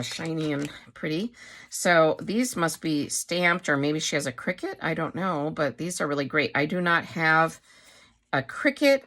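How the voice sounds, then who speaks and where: A woman's voice: low voice, fairly bright tone. A middle-aged woman casually showing craft supplies, chatty and rambling, with many fillers and self-corrections. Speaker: craft vlogger. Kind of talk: casual show-and-tell chat.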